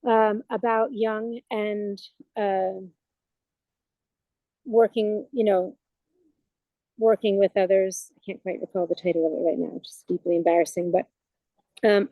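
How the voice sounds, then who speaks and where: Mellow-voiced woman, hesitant and searching. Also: medium pitch, dry recording, low-quality recording. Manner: searching, hesitant, many "you know" fillers. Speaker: guest, chaplain. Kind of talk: casual reflective conversation.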